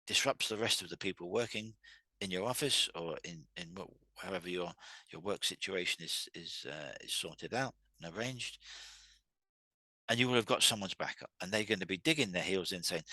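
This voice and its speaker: Man, low-pitched, bright tone, dry close sound, conversational solo talk, bursts into heated quoted lines. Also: moderate pace, no echo. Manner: acts out quoted dialogue with raised, heated voices; conversational, with restarts. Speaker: host. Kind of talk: solo talk on workplace communication.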